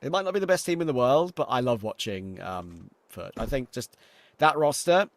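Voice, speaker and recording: A man's voice: medium pitch, expressive, moderate pace, no room sound. A young man with a London accent, casually commentating an esports match and chatting with viewers while losing his voice. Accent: London English. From England. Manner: casual, chatty, answers viewer questions between plays. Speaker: esports caster. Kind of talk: solo esports commentary with chat reading. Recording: game sound and gunfire behind the voice.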